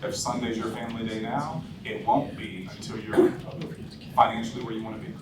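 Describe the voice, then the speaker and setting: A man giving blunt, animated sales coaching to his team, acting out phone calls as he tells stories. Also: medium pitch, fairly quick. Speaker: insurance sales trainer. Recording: roomy echo, distant mic, background noise.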